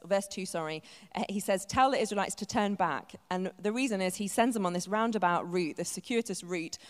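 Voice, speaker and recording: Woman preaching casually, smooth clear voice, long echo of a hall. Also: mid-range voice. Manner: conversational, self-deprecating humor, asks the audience questions. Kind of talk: sermon. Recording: echoey hall.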